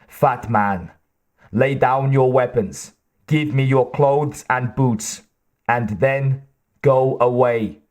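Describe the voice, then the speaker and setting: A man reading an audiobook voices an emotionless male killer cyborg in a flat, gravelly monotone. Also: mid-range voice, takes it slowly, lightly acted. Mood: cold. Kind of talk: audiobook narration.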